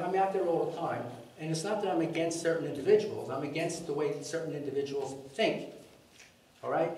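A man with a fairly high voice tells a long, rambling story from the floor of a meeting, blunt and emphatic, and he swears freely. He is far from the mic in a very echoey hall, with faint noise behind him. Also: darkish tone. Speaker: public commenter at a school board meeting. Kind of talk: rambling spoken anecdote.

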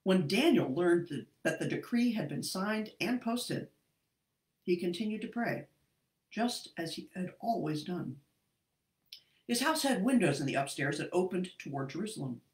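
A woman's voice: lowish voice, lively intonation, moderate pace, echoey room, low-quality recording. A woman teaching an online Bible lesson, reading scripture expressively and adding jokey asides, heard over an online call.

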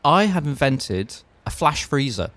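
A man co-hosting a comedy podcast, making dry, wry asides and pitching his own silly inventions. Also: sing-song, unhurried, fairly bright tone, dry recording. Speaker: podcast co-host. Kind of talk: comedic banter.

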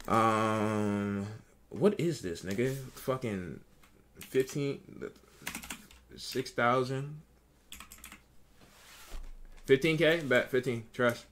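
A man's voice: medium pitch, drawn-out words, long pauses, fairly bright tone. Profane, repetitive young male streamer. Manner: profane, repetitive, talks to chat. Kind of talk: casual live-stream commentary.

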